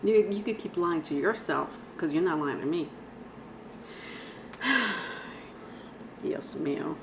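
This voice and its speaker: A woman's voice: fairly low pitch, animated, slow, creaky, a little hiss or hum, low-quality recording. A woman giving a casual, rambling tarot reading, talking straight to viewers with sighs and laughs. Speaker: tarot reader.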